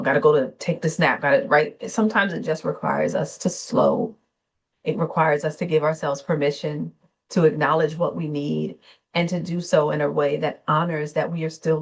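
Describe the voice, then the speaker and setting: A woman therapist hosting a gentle wellness talk, speaking slowly and soothingly, unscripted, with small self-corrections along the way. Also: low voice, vocal fry. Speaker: therapist and channel host.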